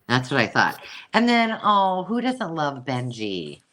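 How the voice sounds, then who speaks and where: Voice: medium pitch, huge pitch swings, unhurried, a bit bright. A host chatting casually through a live sale, self-mocking and cooing over old pictures. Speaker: host selling vintage books.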